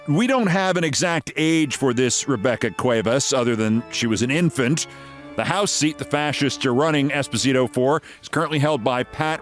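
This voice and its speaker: A man in his sixties hosting a political commentary show, with a sarcastic, theatrical delivery and emphatic swings in his voice. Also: mid-range voice. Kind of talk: scripted sardonic commentary.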